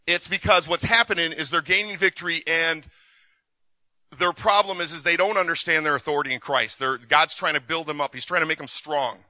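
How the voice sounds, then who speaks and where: A man's voice: fairly high pitch, brisk, bright, forceful tone, dry recording. A man teaching a church group in a sermon, talking in a loose, conversational way and restarting his sentences often. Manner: conversational, with repeated restarts and acted quotes. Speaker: pastor. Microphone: recorded for the session.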